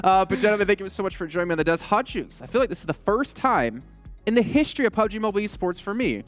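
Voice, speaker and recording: A man hosting an esports broadcast desk, with an energetic, upbeat hype delivery. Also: high voice, quick pace, faint music behind.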